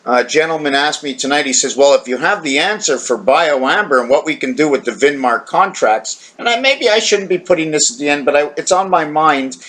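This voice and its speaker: A man's voice: fairly high pitch, lively intonation, a little fast, few pauses, a bit bright. A tired man talking to camera in a rambling, wandering monologue, questioning himself and breaking into playful sound effects. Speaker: video maker.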